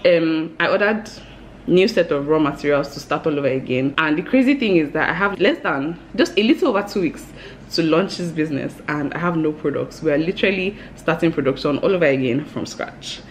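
Woman in her thirties, home vlogger, low and lively, lots of laughter. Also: fairly quick, a little hiss or hum. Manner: bubbly, excitable, laughs often. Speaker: vlogger and new business owner. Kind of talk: casual vlog chat to camera.

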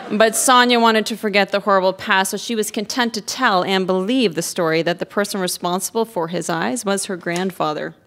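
A woman's voice: mid-range voice, fairly bright tone. A woman giving a comic live reading of the novel she wrote as a teenager, narrating with amused, wry asides. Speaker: reader of her own teenage writing.

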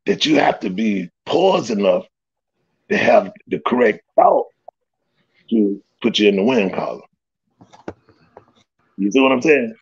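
A man tells a story with big swings in pitch, acting out every quote. His voice is gravelly and husky. The recording sounds dull and lo-fi. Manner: animated, laughing, swearing, acts out quotes. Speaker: storyteller guest. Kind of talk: casual storytelling.

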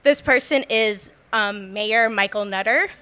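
This young adult woman from Philadelphia is on stage at a bar's story slam, telling a comedic personal tale in a chatty style full of "like" and frequent laughs. Her voice is medium-pitched, sharp and clean, and she talks a little slowly.

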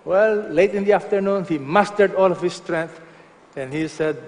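High-voiced male preacher in echoey hall. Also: a little slow, pauses often, darkish tone. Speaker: pastor. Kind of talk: sermon.

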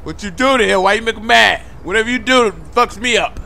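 A man giving loud, profane, joking commentary on a game as he plays, talking back to the characters. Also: high voice, fairly quick, gravelly. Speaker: gamer. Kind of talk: comedic gameplay commentary.

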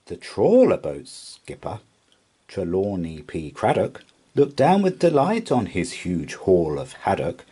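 A man reading a rhyming children's picture book aloud in an expressive storytelling voice. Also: sits low, breathy edge. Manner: slow, expressive rhyming delivery. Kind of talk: children's read-aloud narration.

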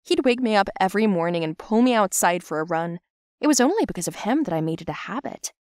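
Expressive young woman storyteller. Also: medium pitch, quick pace, no room sound, clean studio sound. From Central Asia. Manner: expressive, dramatic, shouty at peaks. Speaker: narrator. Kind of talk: first-person animated story narration.

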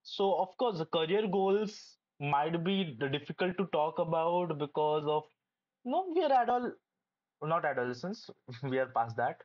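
A young adult medical student giving casual, hesitant advice with many pauses and restarts. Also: medium pitch, animated, muffled recording.

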